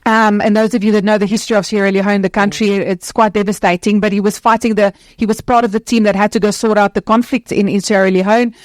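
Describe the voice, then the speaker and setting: A woman's voice: mid-range voice, level tone, dry recording. Passionate woman speaker. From South Africa. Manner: passionate, earnest, quick bursts with restarts. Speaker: founder of an anti-trafficking charity, panel speaker. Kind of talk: conference talk on stage. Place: conference stage.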